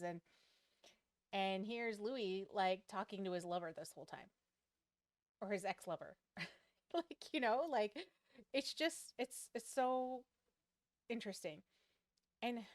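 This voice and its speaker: A woman's voice: mid-range voice, no echo, studio quality. A woman hosting a reaction video, talking casually and thinking aloud with lots of fillers. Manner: chatty, animated, thinking aloud with many fillers.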